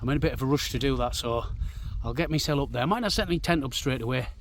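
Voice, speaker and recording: A man's voice: mid-range voice, racing, slight background noise. A man, out of breath, chatting casually to camera while hiking and running across open moorland. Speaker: vlogger. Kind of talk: casual outdoor vlog narration. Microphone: handheld camera.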